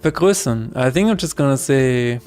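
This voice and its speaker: Chatty man with a smooth voice. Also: medium pitch, lively intonation, moderate pace, darkish tone, faint music behind. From Austria. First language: German. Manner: chatty, laughs often, reads chat aloud. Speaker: game developer streamer. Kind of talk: casual livestream chat.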